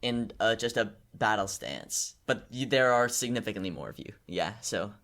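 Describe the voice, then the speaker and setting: A man narrates a tabletop adventure as its game master, his voice smooth and resonant. He stops and restarts often, dropping in fillers as he works out the scene on the fly. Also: on the low side, animated, fairly bright tone. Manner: halting, many fillers and restarts.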